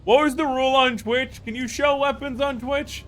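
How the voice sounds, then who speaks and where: A man's voice: very high-pitched, steady tone, moderate pace, a bit bright. A man streaming a video game live, chatting casually to himself and his viewers and swearing now and then. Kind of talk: casual live gameplay commentary. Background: game music.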